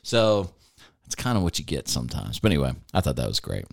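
Deep-voiced man hosting a talk show. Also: quick pace, gravelly, dry recording, studio quality. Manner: animated storyteller who acts out other people's voices. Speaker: podcast host. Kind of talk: casual talk show storytelling.

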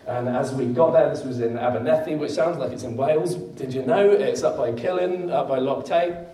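A man's voice: medium pitch, moderate pace, dark tone. Preacher man in an echoey hall. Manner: conversational storytelling, laughs often, rises to emphatic peaks. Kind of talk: sermon with personal story. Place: church hall. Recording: echoey room, mic at a distance.

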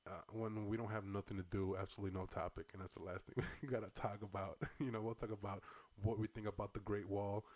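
A man co-hosting a casual podcast, talking in a rambling, profane way with lots of slang. His voice sits a little low, and he breaks into loud bursts now and then. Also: little pitch movement, fast talker, few pauses. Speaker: podcast co-host. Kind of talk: casual political chat.

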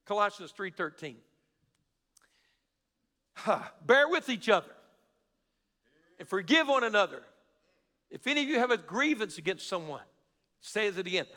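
Male pastor, bright forceful voice, preaching in a reverberant church hall, shouts then hushed prayer. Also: high-pitched. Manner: impassioned preaching, swings from shouting to quiet confiding prayer. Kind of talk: sermon.

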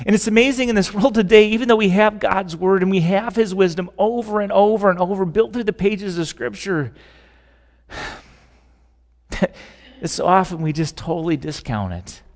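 A middle-aged man, a pastor preaching a sermon in a conversational, animated way, his volume rising and falling as he talks. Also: high voice, normal speed. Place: large church sanctuary. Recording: live church recording with long hall reverb.

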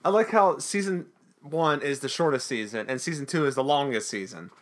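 A man's voice: a little high, animated, a little fast, slight background noise. A man co-hosting a podcast, casually recapping a TV episode in a jokey, rambling way. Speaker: podcast co-host.

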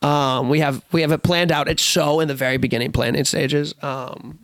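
A young man from New Orleans, a touring musician guesting on a podcast, telling rambling, animated stories in casual chat. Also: on the high side, moderate pace, no echo.

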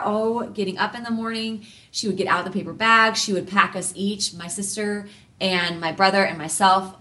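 A woman in her thirties telling a personal story as an interview guest, earnest and heartfelt, moving between hushed softness and lively bursts. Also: medium pitch, far from the mic.

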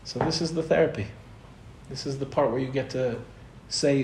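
Man teaching a spiritual talk, conversational storyteller, average pitch, echoey room, faint ambience. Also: normal speed, noisy background. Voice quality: conversational, acts out quotes in storytelling. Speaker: Torah teacher. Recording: roomy echo, faint ambience.

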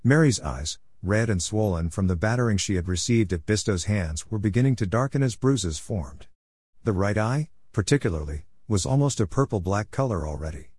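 A man with a lowish voice narrates a story, steady and measured. The sound is dry and close, with no room around it. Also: breathy edge, no room sound.

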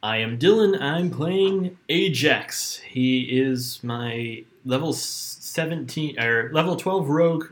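A man with a stuffed nose chatting as a player at a tabletop game, relaxed and matter-of-fact. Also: medium pitch, slow pace, hardly any pauses. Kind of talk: casual table chat.

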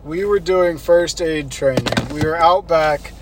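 A man casually sharing basic training memories in a lively, swearing, amused manner. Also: on the high side, measured pace. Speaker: former army recruit in conversation. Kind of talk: casual storytelling chat. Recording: background noise.

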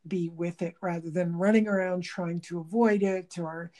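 A woman's voice: fairly low pitch, steady tone, moderate pace, dark tone. Reflective woman workshop teacher. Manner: thoughtful, searching, with frequent restarts. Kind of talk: reflective conversational interview.

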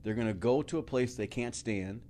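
A middle-aged man telling his story as a podcast guest, animated, laughing often and swearing casually. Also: mid-range voice, brisk, slight background noise.

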